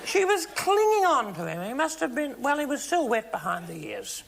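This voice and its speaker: A man's voice: very high voice, big pitch swings, moderate pace, gravelly, full character voice. A man playing a flamboyant, teasing middle-aged woman star who hosts a comic chat show and calls everyone darling. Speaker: talk show host. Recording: loud studio audience and noise.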